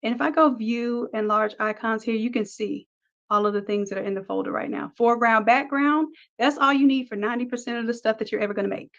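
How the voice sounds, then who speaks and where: A woman teaching a design software tutorial, upbeat, talking through each click step by step. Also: fairly high pitch, fast talker, lo-fi sound. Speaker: design instructor. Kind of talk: screen-recorded software tutorial.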